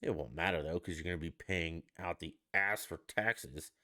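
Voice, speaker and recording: A man's voice: deep voice, normal speed, bright, forceful tone. A man hosting his own stream, ranting with profanity and sarcasm in casual solo commentary. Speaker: podcast host.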